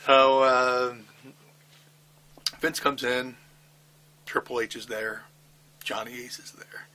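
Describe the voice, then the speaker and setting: A middle-aged man telling a backstage story in a casual interview, animated and swearing, with halting restarts. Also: mid-range voice, rough recording. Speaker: interview guest, wrestler.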